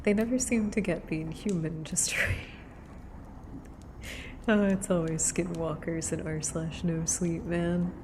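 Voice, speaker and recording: A woman streamer chatting between horror story readings, mostly whispering into a close microphone, excitable and drifting between a whisper and soft speech. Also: fairly low pitch, measured pace, noisy background. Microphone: close mic right in front of her.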